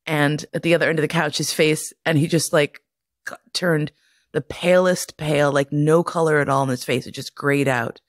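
A woman's voice: sits low, fairly even intonation, normal speed, no room sound, clean studio sound. Profane, laughing woman storyteller. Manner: profane, laughs often while telling stories. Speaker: podcast host. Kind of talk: casual storytelling monologue.

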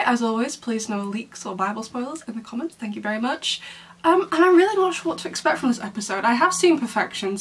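Bright, lively young woman reacting. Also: on the high side. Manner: chatty, excitable, laughs and shrieks often. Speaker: reaction video host. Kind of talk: casual reaction vlog.

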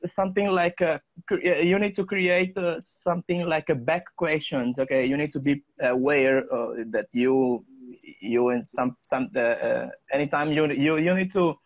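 A man, co-hosting a casual English-teaching livestream, halting and full of fillers. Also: on the high side, no echo, dull audio. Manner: halting, many fillers and restarts.

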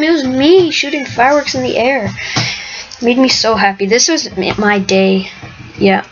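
In an unhurried, mid-range voice, a female gamer hosts her own video and gives rambling, chatty live commentary on her play, now and then slipping into a whisper. The sound comes through a dull lo-fi mic with faint hiss.

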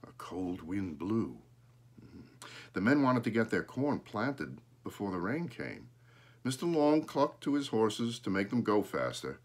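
A man reading a children's picture book aloud, expressive and showing the pictures. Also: fairly low pitch. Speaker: storyteller.

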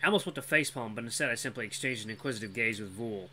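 A storyteller narrating a fantasy story in the first person, with a casual, expressive reading and the odd self-correction. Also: mid-range voice, racing, a little hiss or hum. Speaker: storyteller, channel host.

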